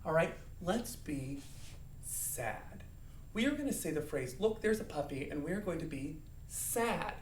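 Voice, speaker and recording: A man's voice: fairly high pitch, animated, fairly quick, recorded from a distance, slight background noise. A man teaching an acting lesson to young children, playfully acting out emotions and counting along. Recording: echoey room, voice a bit off-mic.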